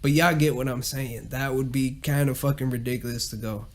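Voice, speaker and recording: A man's voice: medium pitch, steady tone, brisk. A man hosting a casual solo podcast, rambling and cursing a lot and laughing at his own jokes. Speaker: podcast host.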